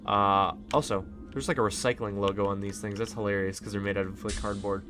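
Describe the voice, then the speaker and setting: Chatty man with a low voice. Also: flat delivery, brisk, fairly bright tone, soft background music. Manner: rambling, chatty, many fillers. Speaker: let's play host. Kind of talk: casual gameplay commentary.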